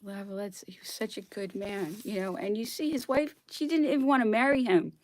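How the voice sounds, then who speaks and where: A woman's voice: mid-range voice, a little fast. A woman in an impassioned solo vlog monologue, dropping into whispers at times and close to tears. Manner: emotional, drops into whispered asides, near tears. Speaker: vlogger reading history aloud.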